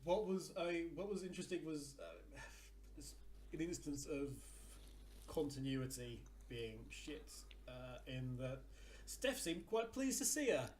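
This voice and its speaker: A man's voice: fairly high pitch, animated, a little slow, a little mellow, slight background noise. A man co-hosting a casual podcast, recapping a wrestling event step by step with frequent fillers. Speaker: podcast co-host.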